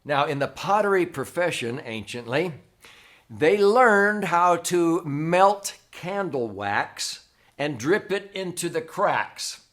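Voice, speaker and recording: A man's voice: on the high side, animated, takes it slowly, a bit bright. A male host giving a conversational teaching monologue, often checking in with "okay?". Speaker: host, financial educator.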